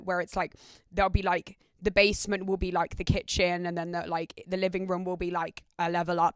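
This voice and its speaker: A woman's voice: medium pitch, fairly bright tone, no room sound. Sweary British woman telling stories. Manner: candid, sweary, heavy use of "like". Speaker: podcast host. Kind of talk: casual storytelling chat.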